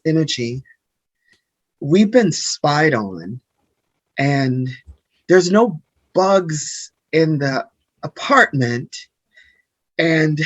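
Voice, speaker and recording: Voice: medium pitch, no echo. A tabletop game player speaking earnestly and pleadingly in character. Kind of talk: in-character tabletop role-play.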